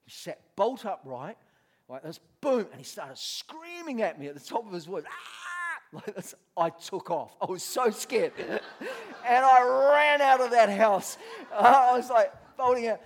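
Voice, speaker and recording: A man's voice: high-pitched, sing-song, moderate pace. A man preaching a sermon, telling a story with lots of laughter and acted-out voices.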